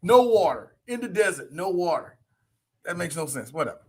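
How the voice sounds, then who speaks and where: A man's voice: high voice, very animated, normal speed, husky. A man co-hosting a podcast in casual, profane banter, with a lot of laughter. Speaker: podcast co-host. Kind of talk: casual chat.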